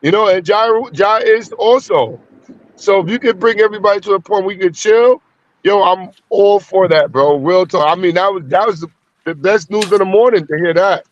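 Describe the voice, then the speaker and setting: A man with a somewhat high voice talking earnestly in a casual podcast chat. He speaks in street slang and keeps checking in with his listeners, with a faint hiss behind him. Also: normal speed, muffled recording. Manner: earnest street talk, frequent "you know what I'm saying".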